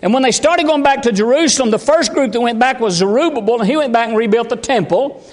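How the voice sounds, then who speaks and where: Pastor, high-pitched man, fervent folksy preaching, reverberant sanctuary. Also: quick pace. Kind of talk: sermon. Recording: long hall reverb.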